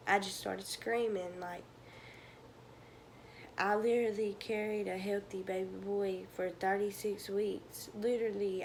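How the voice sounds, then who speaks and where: A young woman speaks to her camera in an ordinary middle pitch, emotional and halting. Her voice at times sinks to a whisper, and a faint hiss sits under the recording. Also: a little mellow. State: tearful. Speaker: vlogger. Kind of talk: personal storytelling to camera.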